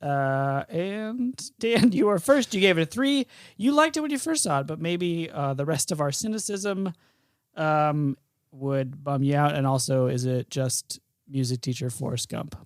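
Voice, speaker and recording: A woman's voice: low-pitched, lively intonation, measured pace, dry recording, studio quality. A woman co-hosting a podcast, playfully steering the casual discussion with lots of filler words. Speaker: podcast co-host. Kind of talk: casual chat.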